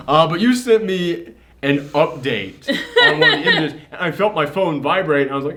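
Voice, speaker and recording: Excitable young man reviewing a movie. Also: on the high side, brisk. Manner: excitable, swears freely, acts out quotes. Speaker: co-host of a movie review show. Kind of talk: casual movie review chat.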